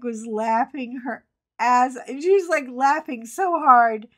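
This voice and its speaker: A woman's voice: high voice, slow. A middle-aged woman chatting casually at home while she paints, telling a funny story with frequent laughs and a bit of salty language. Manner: chatty storyteller, laughs often, colorful swearing. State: recovering from a cough. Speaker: craft channel host. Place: home craft table.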